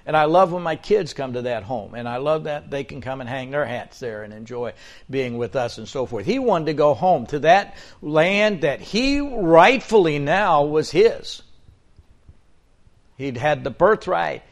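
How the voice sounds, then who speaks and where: A man's voice: a little high, lively intonation, unhurried. A man in his seventies preaching a sermon, folksy and storytelling, with joking asides to the congregation. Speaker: pastor.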